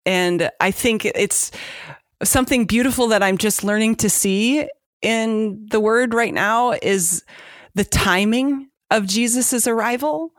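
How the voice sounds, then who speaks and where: A woman's voice: fairly high pitch, takes it slowly, dry recording, studio quality. A woman co-hosting a casual faith chat, earnest and emotional, with many fillers.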